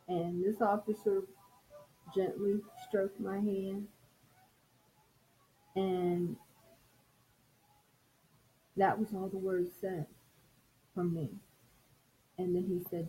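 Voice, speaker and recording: A middle-aged woman gives a personal testimony in a soft, unhurried voice. She reflects as she talks. Music plays clearly under her words. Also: on the low side, little pitch movement, low-quality recording. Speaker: speaker sharing a personal story. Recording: music playing clearly behind.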